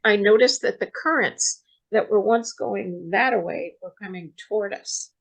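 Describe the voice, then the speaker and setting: Woman guest telling a story, gravelly voice, soft and halting, lots of restarts. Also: medium pitch, rough recording. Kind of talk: casual storytelling interview.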